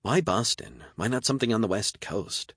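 A man's voice: lowish voice, sing-song, moderate pace, a bit bright, husky, no echo, studio quality, pitched above the performer's own voice, heavily acted. A man voicing a stubborn young woman reporter who complains and asks doubtful questions. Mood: questioning.

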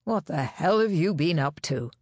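A woman's voice: sits low, expressive, normal speed, a little mellow, no room sound, studio quality. A woman voicing an exasperated white-haired male police officer in an audiobook, blustering at a colleague.

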